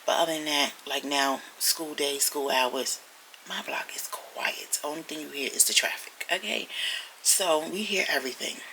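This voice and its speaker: Brief: woman vlogger at home, casual storytelling, gravelly edge, bright tone, drops into whispers. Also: rumbling low, slight background noise, low-quality recording. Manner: chatty, animated, drifting into whispers. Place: at home indoors.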